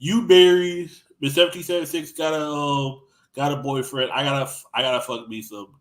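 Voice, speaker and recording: A man telling crude stories in casual podcast chat. He rambles with lots of restarts and acts out what others said, swinging loud and soft. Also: fairly high pitch, fairly even intonation, brisk, poor audio.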